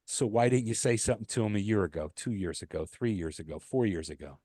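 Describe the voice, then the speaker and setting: Male podcast co-host, bouncy pitch, teasing and repetitive, dry close mic. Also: fast, slightly rough, no echo. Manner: animated, joking, repeats himself. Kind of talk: casual chat.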